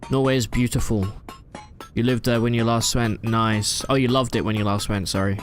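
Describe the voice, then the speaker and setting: A man's voice: mid-range voice, steady tone, moderate pace, soft background music. A man chatting casually while streaming a game live from his room at home, rambling and answering chat with plenty of fillers.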